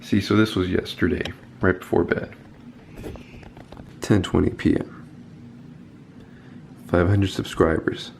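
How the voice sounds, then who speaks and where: A man's voice: deep voice, fairly even intonation, takes it slowly, creaky, long pauses, a little hiss or hum. A man hosting his own channel, chatting casually and upbeat about reaching subscriber milestones. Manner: upbeat, laid-back, celebrating milestones. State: scratchy just-woke-up voice. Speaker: YouTube channel host. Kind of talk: casual check-in vlog.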